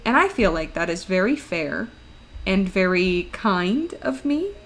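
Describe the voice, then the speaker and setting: A woman's voice: mid-range voice, big pitch swings, unhurried, soft background music. A young woman streamer chatting casually while she draws, laughing often as she talks.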